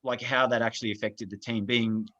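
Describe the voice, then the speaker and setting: A young man leads the interview, feeling his way through each question with frequent ums and restarts. His tone is bright and forceful. The sound is dull and lo-fi. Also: medium pitch, steady tone, fairly quick. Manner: hesitant, filler-heavy questions. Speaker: interviewer, host. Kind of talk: podcast interview.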